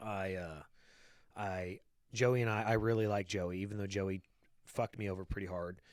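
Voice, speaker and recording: A man's voice: on the low side, fairly even intonation, moderate pace, no echo, studio quality. A man hosting a podcast in casual chat, blunt and full of swearing, often repeating words as he starts a thought. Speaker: podcast host.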